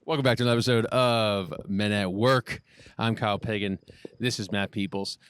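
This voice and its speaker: A man's voice: fairly low pitch, fairly even intonation, a little fast, a bit bright, slight background noise. A young man hosting a casual podcast outdoors, talking in a laid-back way with plenty of "dude" and "uh.". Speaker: podcast host. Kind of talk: casual chat. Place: outdoors outside a bar.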